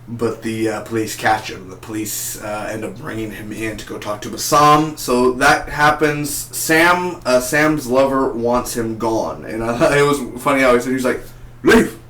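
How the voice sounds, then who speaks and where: A man giving a casual spoken review of a TV episode, excitable and rambling, often repeating and restarting his words. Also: medium pitch, moderate pace, hardly any pauses. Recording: echoey home room.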